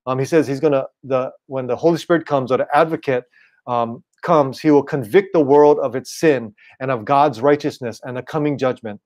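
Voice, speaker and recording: A man preaching an online sermon in a relaxed, conversational way, often checking in with "right?". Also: medium pitch, moderate pace. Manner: casual, repeats "right?" and "you know". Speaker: pastor.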